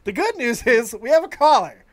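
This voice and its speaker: A man hosting a live stream show, excitable and profane, taking calls. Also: very high-pitched, fairly quick. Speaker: host.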